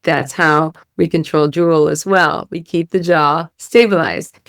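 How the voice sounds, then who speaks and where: A woman's voice: low-pitched, steady tone, unhurried, no echo, clean studio sound. A woman speech-language pathologist explaining a therapy method, demonstrating sounds and checking in with "right?". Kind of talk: teaching podcast explanation.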